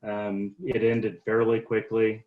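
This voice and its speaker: A man's voice: on the low side, little pitch movement, slow pace. A man on a panel who teaches officials, talking in a thoughtful, hedging way over a video call. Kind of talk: casual panel discussion. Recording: dull lo-fi call audio.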